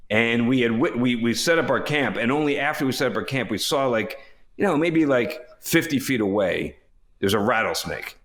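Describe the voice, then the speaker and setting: A man's voice: mid-range voice, a bit bright. A man in his fifties co-hosting a podcast, telling rambling, self-correcting anecdotes in a casual chat with chuckles along the way. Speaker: podcast co-host.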